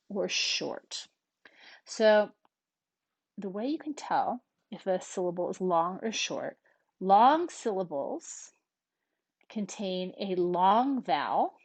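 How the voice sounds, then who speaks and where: A woman's voice: medium pitch, lively intonation, darkish tone, dry recording. Woman teacher, patient, methodical, dry close recording. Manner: patient, explains slowly step by step; frequent checking "right?" and "okay". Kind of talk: recorded classroom lesson.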